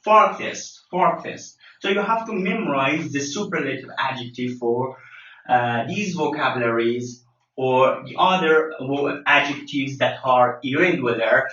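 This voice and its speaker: Slow, bright-voiced male teacher, roomy sound. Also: mid-range voice. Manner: slow and deliberate, spells letters out, frequent fillers. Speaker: English teacher. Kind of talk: classroom grammar lesson. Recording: lo-fi, roomy, mic at a distance.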